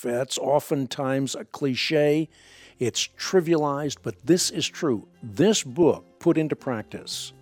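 Guy hosting christian talk radio, earnest and emphatic, dry close sound, soft music under him. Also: mid-range voice, dry recording. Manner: earnest, emphatic, steady promotional delivery. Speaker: radio show host.

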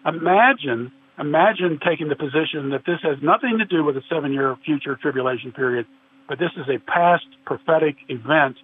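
A man's voice: a little high, fairly quick. A man earnestly arguing a point of theology in a discussion, quoting scripture at length. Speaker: podcast guest. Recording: tinny phone-like line with faint noise.

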